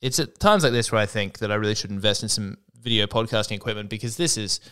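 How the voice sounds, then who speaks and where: A man's voice: lowish voice, fast talker, sharp tone, clear, resonant tone. A man hosting a solo podcast, rambling with wry asides and frequent restarts. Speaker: podcast host. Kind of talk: solo comedic podcast monologue.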